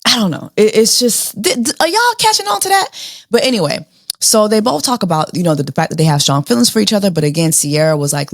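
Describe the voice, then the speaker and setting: A woman's voice: mid-range voice, lively intonation, fast talker, no room sound, studio quality. A woman hosting a casual reality TV recap, sassy and slangy, firing off rhetorical questions. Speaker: show host.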